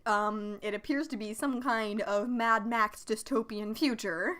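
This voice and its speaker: Giggly high-voiced woman podcast host. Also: fairly even intonation, a little slow, fairly bright tone. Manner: jokey, giggly, sarcastic asides. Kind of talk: casual recap chat.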